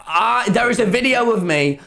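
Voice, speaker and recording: A man's voice: extremely high pitch, expressive, moderate pace, vocal fry, sharp tone. A young man from England telling a casual storytime vlog, rambling and swearing, laughing between many restarts. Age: young adult. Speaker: vlogger.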